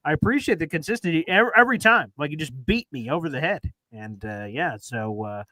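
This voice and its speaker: A young man with a bright, forceful voice hosts a sports talk show from a radio studio. He rambles in a casual, self-deprecating way, sitting a bit higher in pitch than most men. The sound is close and dry. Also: expressive, fast, no echo, rough recording.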